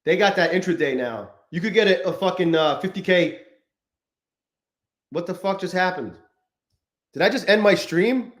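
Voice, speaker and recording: Brief: male live-stream host, somewhat high voice, loose profane rambling, roomy echoey sound. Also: lively intonation, moderate pace, long pauses. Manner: profane, rambling, greets chat viewers. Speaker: livestream host. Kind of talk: casual live-stream chat.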